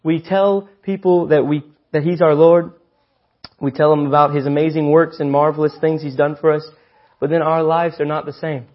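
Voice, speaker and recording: A young man preaching a sermon, earnest and emphatic, building to loud stressed phrases. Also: on the high side, fairly even intonation, moderate pace, lo-fi sound.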